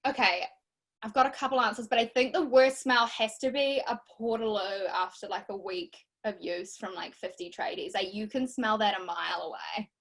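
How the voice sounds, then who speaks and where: A young woman, a guest in casual chat, telling stories in an animated, expressive way. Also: mid-range voice, moderate pace. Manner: animated, expressive storytelling with laughs.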